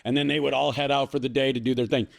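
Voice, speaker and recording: A man's voice: medium pitch, fairly even intonation, quick pace, creaky. Rambling, profane big-guy storyteller. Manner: rambling, profane storyteller who laughs often. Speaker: podcast guest. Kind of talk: casual podcast chat.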